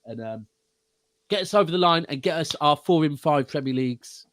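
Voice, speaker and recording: A man's voice: fairly high pitch, lively intonation, brisk, fairly bright tone, dry recording. A man chatting casually about football on a panel, upbeat and bantering, swearing casually.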